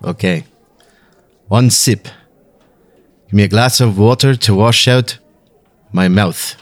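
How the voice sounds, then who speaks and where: A whiskey taster with a put-on South African accent, as a man plays him, drawing out each sip-by-sip verdict slowly and theatrically. The voice sits on the low side and sounds dry and close. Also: dry recording. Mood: savoring. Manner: slow, savoring, theatrical sip-by-sip ratings.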